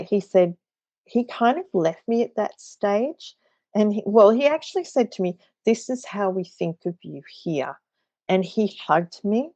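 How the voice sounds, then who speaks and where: An Australian woman in her thirties tells her story earnestly, often stopping to restart her sentences. Her voice sits low and has a gravelly edge. The recording is dry and dull, with little room sound and muted highs. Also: warm tone, no room sound. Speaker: guest. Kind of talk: recounting a personal experience.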